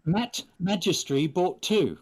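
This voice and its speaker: A man's voice: sits high, animated, slow, a little mellow. A man from England chatting casually and playfully on a live stream while he signs prints for fans. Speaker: actor signing prints for fans.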